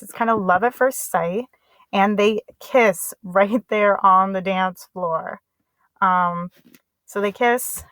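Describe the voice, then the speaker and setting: A woman's voice: medium pitch, a bit bright, no room sound, poor audio. A woman teacher giving a casual, chatty lesson summary in slangy everyday speech.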